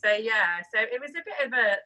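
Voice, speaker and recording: A young woman telling a story in a lively, chatty way as a guest in a casual conversation. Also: on the high side, brisk. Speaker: guest, engaged partner. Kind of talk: casual chat.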